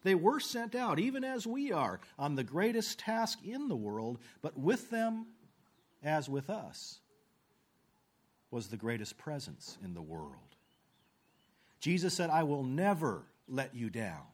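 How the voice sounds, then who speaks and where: A man preaching a sermon, earnest, slowing down for scripture and falling low at the ends of phrases. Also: big pitch swings. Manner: slows down for quoted scripture.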